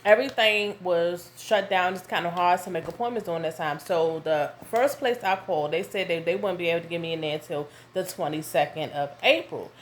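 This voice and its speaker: A woman, telling a casual story to her viewers at home, animated and full of asides. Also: fairly low pitch, brisk, few pauses, slight background noise. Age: 30s. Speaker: vlogger. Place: home with her young son nearby.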